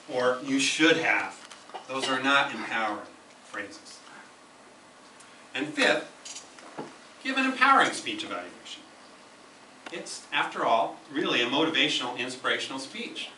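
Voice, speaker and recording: A man's voice: medium pitch, pushed and bright, slight background noise. A man giving an instructive club speech, emphatic and repeating key phrases to drive points home. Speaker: speaker at a speaking club meeting. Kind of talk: prepared educational speech. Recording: echoey room, camera from far off.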